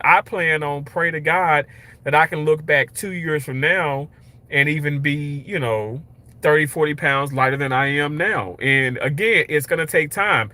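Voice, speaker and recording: Man, bright forceful voice, rambling, candid, casual livestream talk. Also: fairly high pitch. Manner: rambling, candid, upbeat self-talk with viewers. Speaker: livestreaming vlogger. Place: outdoors at night, walking.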